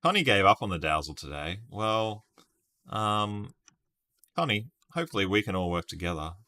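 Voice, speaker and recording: A man's voice: lowish voice, very animated, moderate pace, bright, forceful tone. A man casually live-streaming a word puzzle, thinking aloud over his guesses and chatting with viewers by name. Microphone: webcam stream setup.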